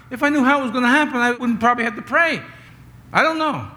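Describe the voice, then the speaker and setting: A pastor delivering a conversational sermon, mixing scripture retelling with humorous asides to the congregation. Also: male voice, extremely high pitch, very animated, fast talker, sharp tone.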